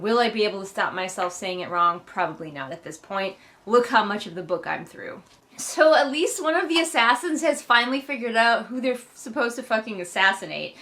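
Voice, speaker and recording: A woman's voice: on the high side, fairly bright tone. A woman giving a casual, comedic book recap, sarcastic and mocking, swearing casually. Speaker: book reviewer.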